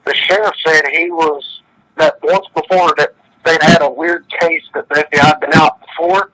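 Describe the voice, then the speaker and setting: A man's voice: a little high, fairly bright tone, poor audio. A man telling a story in casual, plainspoken talk, retelling dialogue line by line. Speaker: guest storyteller.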